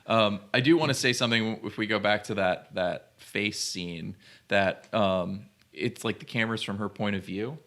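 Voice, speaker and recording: A young man co-hosts a casual film podcast in a lowish voice. He rambles and thinks aloud, leaning on lots of fillers as he works through his point. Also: moderate pace, a bit bright. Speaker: podcast co-host.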